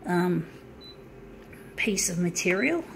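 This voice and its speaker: A woman's voice: fairly low pitch, sing-song, slow, vocal fry, a little hiss or hum, poor audio. A woman in a heated, profanity-laden monologue, ranting repetitively to her viewers. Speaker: vlogger. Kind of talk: angry monologue rant.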